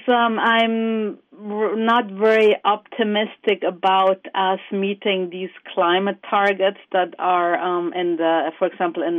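A climate scientist, appearing as a guest, answers interview questions carefully, dropping many ums and repeating words. The mid-range voice comes through a tinny, phone-like line in a dry recording.

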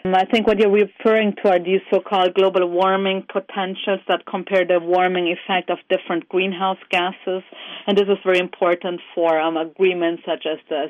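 Over a tinny line that sounds like a phone, a climate researcher guest responds cautiously to an interviewer, often saying um and doubling back on words. The voice sits in the mid-range with no echo.

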